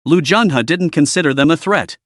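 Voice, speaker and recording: A man's voice: fairly high pitch, expressive, moderate pace, dry recording. Dry-voiced man narrating a story. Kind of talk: scripted audiobook narration.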